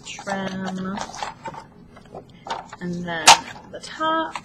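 A woman walks through a relaxed craft tutorial in an unhurried, chatty way. She teases herself as she goes. A steady background noise runs under the whole recording. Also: medium pitch. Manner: chatty, self-deprecating, talks while working. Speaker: planner vlogger.

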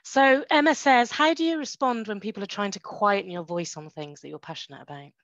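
A woman's voice: mid-range voice, brisk, fairly bright tone, no echo. A woman interviewing a conference guest, encouraging and asking questions with hesitant fillers. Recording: dry, dull lo-fi sound.

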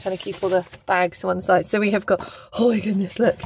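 A woman's voice: mid-range voice, a little fast, slight background noise. Gushing woman unboxing stationery. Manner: gushing, excitable, exclaims often. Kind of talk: casual unboxing chat.

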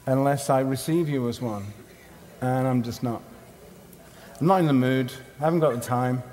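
A man's voice: mid-range voice, darkish tone, slight background noise. A man giving a conference sermon, emphatic and rhythmic, in short punchy phrases. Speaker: conference speaker. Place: conference hall. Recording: long hall reverb.

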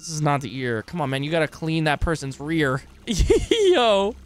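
A man streams a game live and reacts loudly to everything on screen. His pitch jumps all over as he shouts, swears and thanks each new follower by name. The delivery is loose, fast-reacting and unscripted. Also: sing-song, faint music behind. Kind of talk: live gaming commentary.

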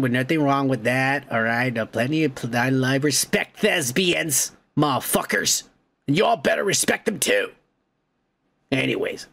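Guy hosting a comedy podcast, kinda high gravelly voice, cussing nonstop and getting all worked up. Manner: loud, indignant, swears constantly. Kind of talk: profane comedic rant.

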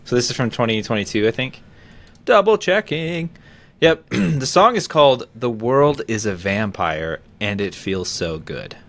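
A man co-hosting a casual podcast, talking in a relaxed, rambling way. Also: medium pitch. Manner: relaxed, rambling, reads out loud haltingly. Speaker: podcast co-host. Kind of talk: casual chat.

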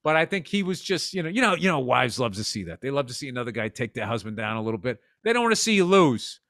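Very animated and fast, his mid-range voice carries a fairly bright tone over dry, clean studio sound. The fifties-aged co-host rambles through profane stories in casual chat, slipping into voices now and then.

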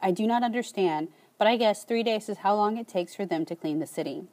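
Woman calmly reading an audiobook, warm mellow voice. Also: medium pitch, fairly quick. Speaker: audiobook narrator. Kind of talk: scripted audiobook narration.

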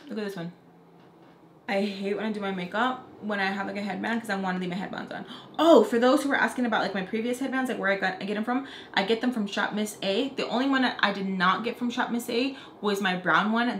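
A chatty young woman tells a casual story, her talk full of fillers. Her voice sits at a middle pitch and rings in a roomy, echoey space with a faint hiss behind it. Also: a little fast, fairly bright tone. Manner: chatty, lots of "like" fillers, acts out quotes. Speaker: beauty vlogger. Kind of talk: casual story time chat. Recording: roomy echo.

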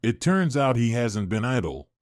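A man voicing a calm, matter-of-fact lawyer in a story reading. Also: mid-range voice, moderate pace, dry recording, studio quality, natural voice. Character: calm reassuring male family lawyer.

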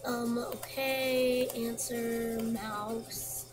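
A woman's voice: on the high side, fairly even intonation, drawn-out words, long pauses. A woman playing a quiz game on her computer, reading the questions and answers aloud and mumbling to herself. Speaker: gameplay commentator. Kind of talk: casual gameplay commentary. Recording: noisy home recording.

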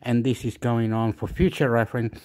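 A man's voice: medium pitch, fairly even intonation, normal speed, darkish tone. A man delivering a rambling, repetitive rant with crude outbursts and chanted phrases. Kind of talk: rambling ranting monologue.

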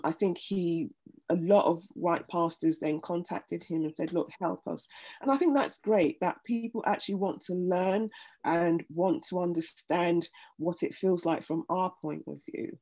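A middle-aged woman speaking earnestly as an interview guest, animated when retelling stories. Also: on the low side. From United Kingdom. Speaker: interview guest, pastor and former nurse. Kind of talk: reflective conversation.

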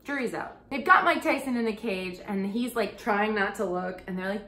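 A woman's voice: mid-range voice, moderate pace, pushed and bright, echoey room. A young adult woman hosting a casual comedic recap, chatty and sarcastic, dropping swear words. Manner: chatty and sarcastic, swearing, with bursts of laughter and mock quotes. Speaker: podcast host recapping a TV show.

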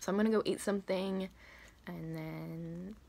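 A woman's voice: on the low side, fairly even intonation, normal speed, gravelly, dark tone. A woman, chatting casually and gushing in a book vlog filmed on her phone. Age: 20s. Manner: gushing, lots of "like", laughs easily. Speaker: book vlogger.

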